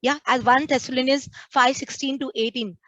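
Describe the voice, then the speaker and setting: A woman's voice: high voice, steady tone, normal speed, a bit bright, dry recording, highs cut off. A woman, a nun preaching a sermon to a prayer group and acting out the complaints she quotes. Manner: earnest, acts out quoted complaints.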